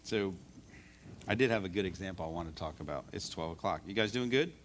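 A man's voice: sits low, expressive, a little fast, slight background noise. A man preaching a sermon in a conversational way, repeating words as he talks and reading scripture aloud. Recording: live service recording.

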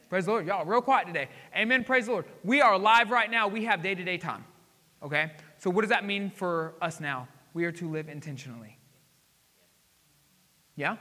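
A male pastor preaches in a high, bright voice. He keeps asking the congregation questions and moves between loud emphasis and quiet asides. The sound carries a long reverb from the church hall. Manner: call-and-response questions to the congregation. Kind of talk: sermon. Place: church sanctuary.

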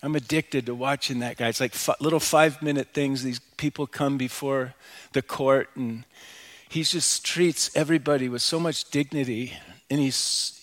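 Middle-aged pastor, reflective sermon in hall. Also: male voice, mid-range voice, fairly bright tone. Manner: conversational, reflective, personal asides. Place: church sanctuary. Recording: live church hall reverb.

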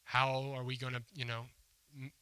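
A man's voice: medium pitch, completely flat delivery, moderate pace, pushed and bright, smooth, no echo. A man preaching a sermon as a pastor, telling a story in a conversational, emphatic way and acting out the quotes. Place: church hall before a congregation.

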